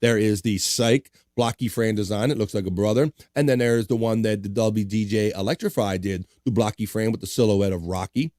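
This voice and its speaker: A man hosting a casual livestream, reading viewer comments aloud in an animated, jokey way and swearing casually. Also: fairly low pitch, a little fast, few pauses, no room sound, clean studio sound. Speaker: livestream host.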